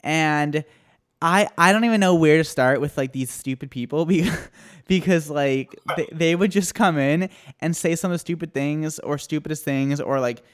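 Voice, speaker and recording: This podcast co-host is a man with a voice on the high side and a clean tone, speaking at a normal speed. He tells rambling stories in relaxed conversation, often swearing and laughing.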